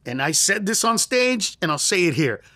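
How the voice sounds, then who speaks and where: Middle-aged male comedian as guest, animated storyteller, high and expressive, close dry studio mic. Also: moderate pace, dry recording. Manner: acts out quoted lines in a raised voice.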